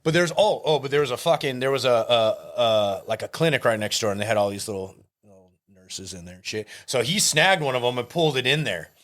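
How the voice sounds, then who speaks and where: A man who is a tattoo artist telling wild shop stories in a casual, profane, animated way. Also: medium pitch, brisk. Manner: profane, animated storyteller acting out voices. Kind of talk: casual storytelling.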